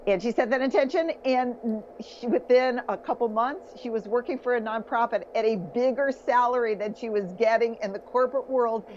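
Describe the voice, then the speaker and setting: A woman's voice: on the high side, normal speed, hardly any pauses, darkish tone, slight background noise. Enthusiastic woman telling stories. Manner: enthusiastic, storytelling. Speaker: guest, self-help author. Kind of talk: casual interview chat. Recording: slightly dull lo-fi audio.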